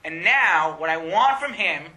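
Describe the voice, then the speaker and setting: Young male preacher, high and very bright voice, animated and laughing often. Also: a little slow. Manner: animated, laughing often, rising to excited pitch. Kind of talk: sermon.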